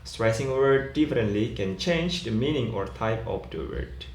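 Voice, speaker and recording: A man teaching English word stress in a slow, explanatory lecture, often adding "yeah". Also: medium pitch, lively intonation. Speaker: pronunciation teacher. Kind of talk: recorded lecture. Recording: echoey room, faint ambient noise.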